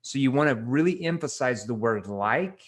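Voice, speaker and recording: A middle-aged man coaching sales calls, giving direct feedback and slowing down to stress key words. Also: mid-range voice. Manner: direct, instructive, slows down for emphasis. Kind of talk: coaching role-play feedback.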